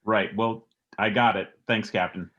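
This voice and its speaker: A man playing a tabletop role-playing game, describing his moves slowly and deliberately. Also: on the low side, steady tone, muffled recording, noisy background. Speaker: player.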